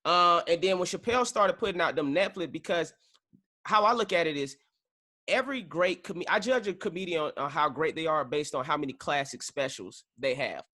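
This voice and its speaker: A man hosts a podcast in a relaxed, conversational way and freely shares his opinions. His voice is bright and forward, sitting a bit high. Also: fairly quick. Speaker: podcast host. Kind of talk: casual chat.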